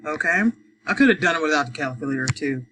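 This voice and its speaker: A woman walks learners through a math problem one step at a time. She counts out loud, pauses often, and talks in an easy, unhurried way. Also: low voice, a little hiss or hum, poor audio. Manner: talks through each step, counts aloud, frequent fillers. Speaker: adult education math teacher.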